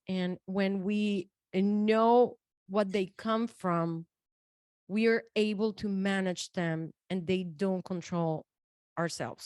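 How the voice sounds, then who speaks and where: A woman's voice: medium pitch, no echo, studio quality. A woman guest telling a personal story in a loose, chatty way, full of restarts and "like". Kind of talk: casual storytelling.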